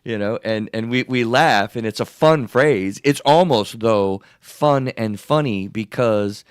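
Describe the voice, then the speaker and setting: A man hosting a therapy podcast, talking in an animated, wordy way and often repeating himself. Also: mid-range voice, a little slow, smooth, no room sound, studio quality. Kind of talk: casual podcast discussion.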